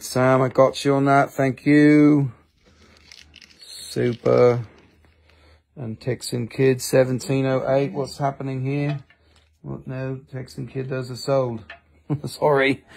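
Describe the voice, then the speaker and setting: A man's voice: a little high, creaky, darkish tone. A man hosting a live selling stream, bantering and joking with viewers.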